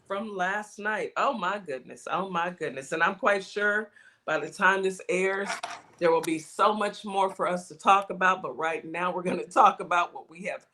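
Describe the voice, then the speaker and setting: An older woman hosting a morning radio show, chatting casually with an upbeat, drawn-out delivery. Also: lowish voice, pushed and bright.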